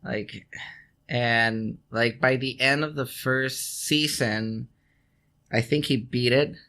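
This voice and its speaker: A man's voice: medium pitch, fairly even intonation, slow, pushed and bright. A man co-hosting a casual podcast, telling a story in a loose, rambling way. He swears freely, restarts his sentences again and again, and breaks into laughs. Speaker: podcast co-host. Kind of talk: casual chat.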